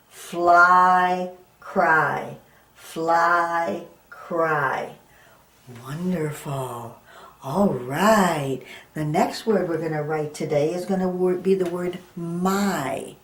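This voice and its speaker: A middle-aged woman teaching a children's phonics lesson, prompting in a slow, sing-song, teacherly way. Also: lowish voice, fairly bright tone, roomy sound. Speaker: reading teacher.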